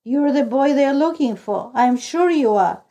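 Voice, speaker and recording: A woman's voice: high-pitched, animated, a little slow, warm tone. A woman reader voicing a deaf, gossipy old female lodging-house keeper who exclaims dramatically, in a storybook reading. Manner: exclaiming, throws up her hands.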